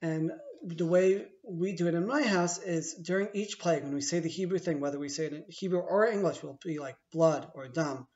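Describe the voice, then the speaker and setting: A man's voice: fairly high pitch, brisk, hardly any pauses, darkish tone, dull audio. A middle-aged man, chatty and playful, walking through a holiday ritual step by step and stopping to rephrase as he explains. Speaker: teacher. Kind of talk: casual explanatory video.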